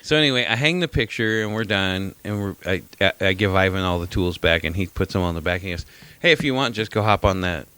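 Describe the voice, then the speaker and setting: A man's voice: low voice, animated, fast talker, few pauses, pushed and bright, clean tone. A middle-aged man co-hosting a podcast, telling a story in rambling casual chat, repeating himself and swearing now and then. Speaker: podcast co-host.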